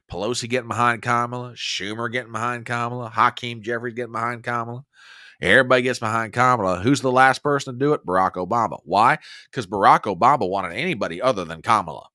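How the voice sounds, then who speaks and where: Speaking in a mid-range voice over a clean, echo-free studio recording, a conservative political podcast host offers opinionated commentary. His manner is emphatic and animated, and he frequently starts sentences over.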